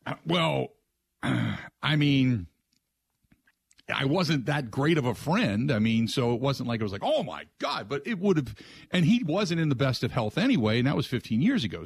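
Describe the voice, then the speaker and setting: A middle-aged man hosting a radio show, telling a rambling story in a casual way, with restarts and lively quoted voices. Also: mid-range voice, normal speed, vocal fry, breathy edge. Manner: rambling, restarts, animated when quoting others.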